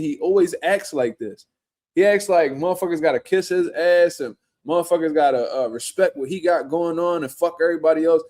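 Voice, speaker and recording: A man's voice: a little high, darkish tone. A man hosting a casual boxing reaction show, ranting bluntly in slangy, profane talk. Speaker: boxing commentary show host.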